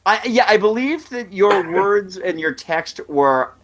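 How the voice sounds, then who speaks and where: A man co-hosting a podcast, chatting casually about a movie, halting and quick to laugh. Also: high-pitched, slight background noise. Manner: laughs easily, lively, halting. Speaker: podcast co-host. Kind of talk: casual movie review chat.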